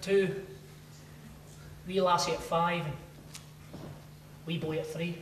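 A young Scottish man in a comedy sketch, telling a sweary, animated story. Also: on the high side, slow. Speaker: sacked hairdresser. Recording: roomy, distant, loud noise.

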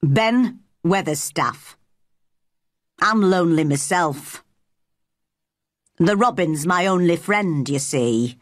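A woman voicing a lonely, plain-spoken old Yorkshire gardener in a storybook reading, her voice pitched down for him. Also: animated, slow pace, long pauses, dry recording, studio quality. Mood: gentle.

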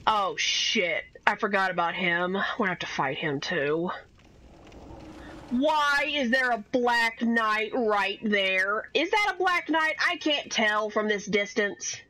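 A woman's voice: medium pitch, expressive, slow, pushed and bright, low-quality recording. A young woman streaming a game, rambling and swearing as she chats through her play. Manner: rambling, swears often, swings from chatty to exasperated outbursts. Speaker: gaming streamer. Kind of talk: casual gameplay commentary.

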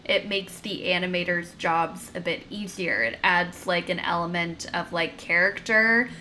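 A woman co-hosting a casual podcast discussion, relaxed and agreeable, with casual fillers. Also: on the low side, a little slow, a little hiss or hum. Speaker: podcast co-host.

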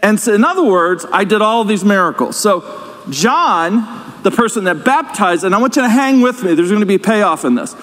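Brief: male pastor, high voice, chatty sermon style in a reverberant church hall. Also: expressive, moderate pace, fairly bright tone. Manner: conversational preaching with asides and questions to the congregation. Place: church sanctuary.

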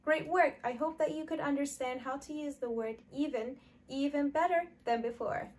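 A woman teaching an online English lesson, modeling example sentences slowly and clearly for learners to repeat. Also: high voice, darkish tone.

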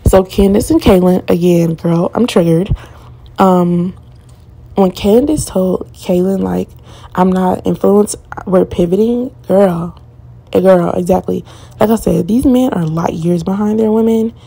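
Recapping a reality show for her viewers, this twenty-something woman speaks at a measured pace, offering casual, blunt opinions in slangy language. Her voice is a bit low, warm and gravelly, with some huskiness.

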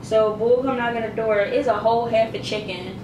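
A woman's voice: on the high side, fairly even intonation. A young woman with a Philadelphia accent, chatting casually and laughing easily while hosting a meal vlog. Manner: laid-back, chatty, quick to laugh. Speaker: vlog host. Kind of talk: casual chat over a meal. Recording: echoey room, far from mic, noisy.

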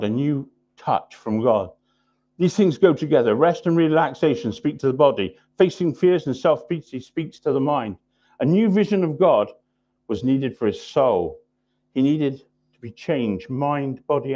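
A man preaching a sermon in a church, driving points home through repetition and often dropping his voice low and quiet for emphasis. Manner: emphatic repetition, drops low and soft for weight.

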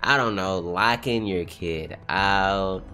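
A young man streaming a live read-along reaction, swearing freely and swinging from low mutters to high shouted outbursts. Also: slow pace, soft background music. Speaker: streamer reacting to a manga chapter.

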